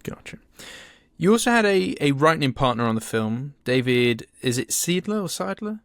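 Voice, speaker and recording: A male podcast host asks questions at a middling pitch and backs up his guest with quick affirmations. The sound is close and dry. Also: sing-song, dry recording. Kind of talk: interview questions.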